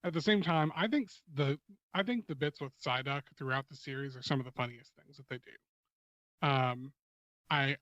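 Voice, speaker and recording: A man who is a guest on a podcast, talking in a halting way with many restarts, amused by the show he discusses. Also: mid-range voice, fairly bright tone, no echo, dull audio. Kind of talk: casual podcast chat.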